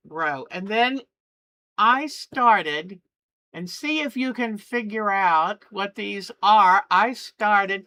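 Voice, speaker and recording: A woman's voice: medium pitch, slow pace, bright, forceful tone, dry recording. A middle-aged woman hosting a quilting channel, chatting and gushing as she shows family photos. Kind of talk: casual chat while showing photos.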